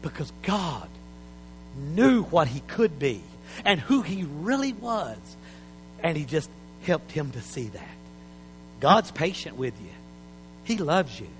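High, animated preacher shouting in a hall. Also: male voice, takes it slowly, long pauses, faint music behind. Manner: impassioned, building to shouts. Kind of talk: sermon. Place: church.

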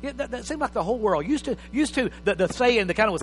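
A man preaching a sermon as pastor, emphatic, swinging between loud and soft. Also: high voice, expressive, quick pace, hardly any pauses, faint music behind. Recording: reverberant hall with faint mains hum.

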